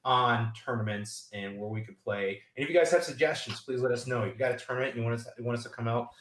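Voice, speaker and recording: A man chatting on a golf live stream, wandering through a long story and acting out the other people's lines. His voice sits in a middle pitch and carries the echo of a roomy space. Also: fast talker, fairly bright tone, slight background noise. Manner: rambling storyteller, acts out quoted voices. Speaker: golf podcast co-host. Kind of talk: casual live-stream chat.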